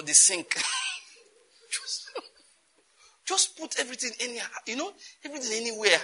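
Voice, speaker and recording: A Nigerian man preaching with a high, husky voice that leaps up and down in pitch. His tone is sharply bright and forceful as he fires rhetorical questions and keeps laughing between points. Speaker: pastor. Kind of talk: sermon.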